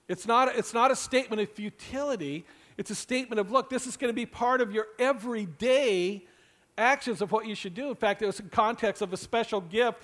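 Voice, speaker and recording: A man's voice: high-pitched, a bit bright. A middle-aged man preaching a sermon as pastor, earnest and conversational with joking asides.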